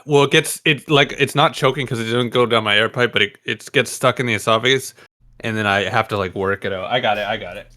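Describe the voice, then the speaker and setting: A man chatting as a podcast guest with a bright, forward voice. He keeps it laid-back and casual and swears now and then. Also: mid-range voice, fast talker. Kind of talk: casual chat.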